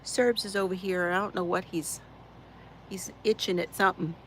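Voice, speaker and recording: A woman's voice: fairly low pitch, steady tone, moderate pace, fairly bright tone, slight background noise, rough recording. A woman, hosting a casual crafting live stream from her chair at home, greeting viewers by name and laughing often. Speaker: crafting channel host.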